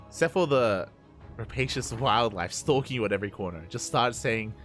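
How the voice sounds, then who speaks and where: A man's voice: mid-range voice, animated, normal speed, fairly bright tone, soft background music. An Australian man casting a live esports match, chatty and loose, laughing often between play-by-play. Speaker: esports caster.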